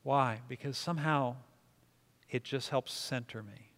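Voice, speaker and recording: A pastor speaks a little slowly in a medium-pitched, slightly bright voice, teaching prayer to a congregation. Conversational and self-deprecating, he leads them in repeating words after him, and the hall gives a long reverb.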